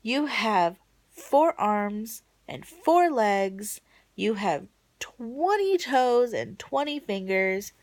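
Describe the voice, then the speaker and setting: A woman vlogging a casual video diary from home late at night, rambling and emotional, swinging between bright excitement and soft low murmurs. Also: very slow, no echo.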